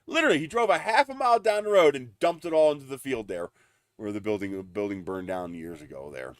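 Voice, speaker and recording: A man's voice: medium pitch, expressive, fast, dry recording. Guy ranting on his livestream, middle voice, swears a lot, laughs, dry close sound. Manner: indignant ranting, swears freely, laughs between lines; lots of fillers and repeated starts. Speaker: livestream host. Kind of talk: casual storytelling chat.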